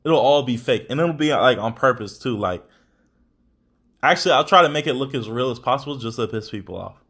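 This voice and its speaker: Animated, slangy young man ranting. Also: mid-range voice, brisk, breathy edge. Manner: profane, slangy, rambling. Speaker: podcast host. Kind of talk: casual chat.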